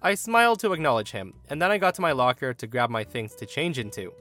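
A man reading a forum story aloud in an animated storytelling manner. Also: mid-range voice, quick pace, soft background music. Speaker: story narrator.

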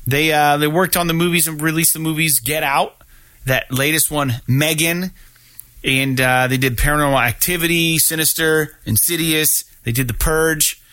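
A man's voice: a little high, steady tone, normal speed, sharp tone, no echo. A man hosting a casual gaming news podcast, talking loosely with lots of swearing and filler words. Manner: profane, rambling, lots of fillers. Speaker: podcast host.

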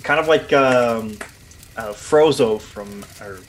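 Male player, halting and wordy, talking through his actions at the table, slight background noise. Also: medium pitch. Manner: hesitant, searching for words, lots of "um" and "like". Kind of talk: tabletop game talk.

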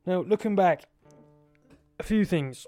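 A man's voice: sits high, animated, takes it slowly, mellow, dry recording, soft background music. A man with an Irish accent retelling a story in a casual, profane, repetitive, conversational way.

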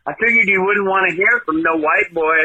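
Man from Oregon, high-pitched voicemail caller, rambling and teasing. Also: a little fast, pushed and bright, slightly rough, lo-fi sound. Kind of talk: joking voicemail.

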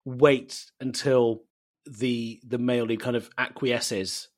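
A man from East London, a native Bengali speaker, telling animated, self-mocking stories as a guest in a casual interview. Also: medium pitch, takes it slowly. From East London, England. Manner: animated storytelling, laughs often, self-mocking.

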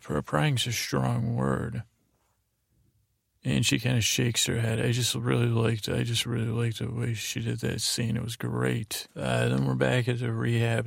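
Gravelly man rambling in a sleepy recap. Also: medium pitch, no room sound, studio quality. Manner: meandering, halting, with many fillers and restarts. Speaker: podcast host.

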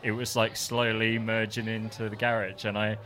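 A man's voice: fairly low pitch, monotone, normal speed, fairly bright tone. An English man, a music producer guest, chatting casually on a live podcast with a rambling, self-mocking manner and frequent laughs. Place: live podcast in a bar venue.

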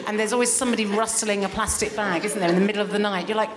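A woman in her forties does stand-up comedy and casual chat on a live stage, talking quickly at mid-range pitch with few pauses. She's animated, acts out mock quotes, and laughs often. The echoey venue recording carries loud noise from the audience space.

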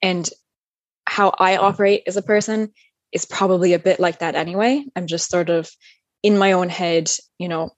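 A woman's voice: fairly low pitch, fairly even intonation, moderate pace, dry recording. A woman telling her birth story as an interview guest, candid and rambling, with plenty of fillers and laughs. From United States. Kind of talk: casual chat.

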